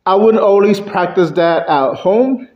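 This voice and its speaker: Man, prepared club speech, fairly high voice, unhurried delivery, swings in pitch and volume, dull lo-fi sound. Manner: shifts pitch and loudness for effect. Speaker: Toastmasters club speaker. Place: club meeting room.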